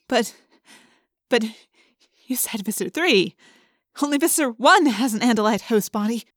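A woman's voice: fairly high pitch, animated, a little slow, dry recording, studio quality. A woman doing a terrified, babbling woman. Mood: stammering. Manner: babbling, pleading. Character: terrified middle-aged alien-controlled woman.

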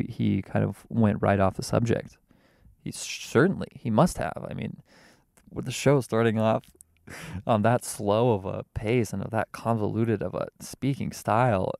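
A man hosting a podcast from inside his car, rambling and wordy in a casual monologue, mocking himself and now and then leaping into a theatrical high voice. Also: vocal fry, warm tone, no room sound. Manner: rambling, wordy and self-mocking, with sudden theatrical jumps in pitch. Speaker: podcast host. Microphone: podcast microphone.

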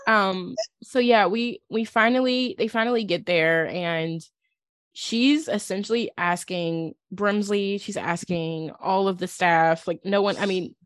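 A woman's voice: mid-range voice, a little slow, no echo. A woman co-hosting a podcast in casual chat, talking in loose restarting bursts. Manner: chatty, with many restarts and fillers. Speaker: podcast co-host.

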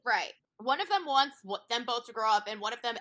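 A woman's voice: fairly high pitch, expressive, a little fast, bright, forceful tone. A woman co-hosting a casual chat, riffing in sarcastic, profane rants.

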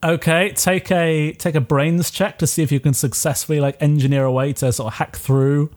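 A man's voice: a little high, fairly even intonation, normal speed, darkish tone. A man running a tabletop game as game master, narrating casually with lots of fillers.

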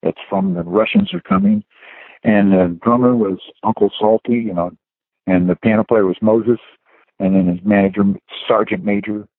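Chatty male guest reminiscing, low-pitched, heard over a tinny phone line. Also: animated, moderate pace, vocal fry, dry recording. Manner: rambling anecdotes with chuckles and "you know" fillers. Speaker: guest musician. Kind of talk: casual storytelling interview.

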